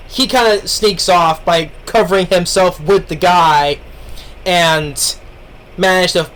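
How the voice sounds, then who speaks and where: A man's voice: high voice, fairly bright tone. A man giving a casual spoken review of an anime, rambling along with lots of fillers and restarts. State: eating while talking.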